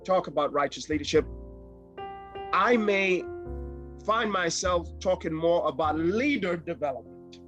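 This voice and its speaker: A man's voice: on the high side, lively intonation, a bit bright, muffled recording, soft background music. A man hosting an interview, stumbling and repeating words as he frames his questions. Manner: halting, repeats words while framing questions. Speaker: podcast host, interviewer.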